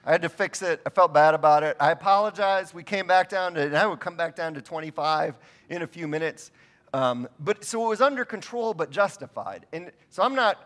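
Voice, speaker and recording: Man, middle-aged, pastor, conversational sermon, self-deprecating, slightly high voice. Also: fairly bright tone.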